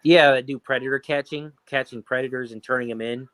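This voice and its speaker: A man co-hosting a casual podcast chat, rambling and swearing as he tells stories in an animated way. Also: mid-range voice, a little fast. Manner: profane, rambling, animated storytelling. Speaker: podcast co-host.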